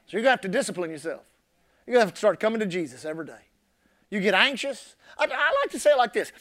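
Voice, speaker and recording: A man preaching a sermon as pastor, impassioned and repeating his key phrases, swinging from shouted emphasis to soft, low asides. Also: expressive, fast.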